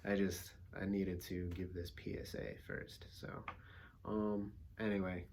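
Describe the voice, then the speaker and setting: A man vlogging casually, telling a story with lively acted-out quotes, laughing and swearing often. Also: sits low, unhurried, slight background noise. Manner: swears casually, rambling asides. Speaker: actor and vlogger.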